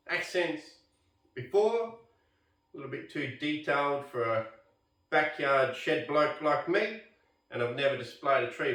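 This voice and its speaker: A man's voice: mid-range voice, pushed and bright. A man with an Australian accent chatting casually and self-deprecatingly about his bonsai hobby in a backyard shed. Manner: laid-back, self-deprecating, rambling. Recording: roomy echo, mic at a distance.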